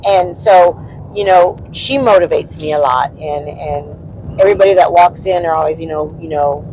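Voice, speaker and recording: A high-pitched man talks in loose, rambling bursts, filling gaps with ums and you-knows. He is co-hosting a casual chat from a moving car, with a low engine hum behind him. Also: normal speed, a little mellow, rough recording. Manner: chatty and rambling, many fillers, laughs easily. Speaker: co-host, spouse of the host.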